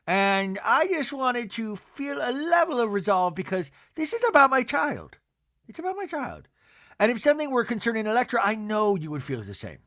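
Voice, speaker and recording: A man doing an impression of a dramatic, indignant middle-aged woman from a reality show, with breathy, emphatic delivery. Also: very high voice, sing-song, normal speed, bright, forceful tone, pitched above the performer's own voice, heavily acted. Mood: pleading.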